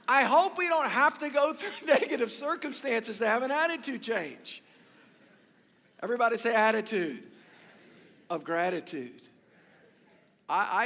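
A man's voice: sits high, expressive, measured pace, gravelly, pauses often, sharp tone, long reverb tail. A male pastor preaching a sermon, emphatic and repetitive, speaking to his congregation. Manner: emphatic, repetitive, stumbles and restarts, addresses congregation. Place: church sanctuary.

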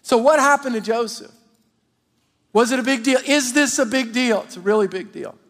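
A man preaching a sermon as the pastor, talking straight to his congregation in an animated, lively way. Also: very high-pitched, normal speed. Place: large church auditorium. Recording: long hall reverb.

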